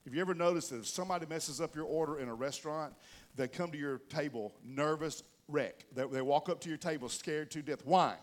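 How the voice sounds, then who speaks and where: A pastor delivering a sermon in a relaxed, storytelling way, talking straight to his congregation. His voice sits slightly high for a man, and it swells and falls in loudness as he leans into a point. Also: fairly quick. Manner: folksy storytelling, addresses the congregation directly; animated, rises and drops in loudness for emphasis. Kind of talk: conversational sermon.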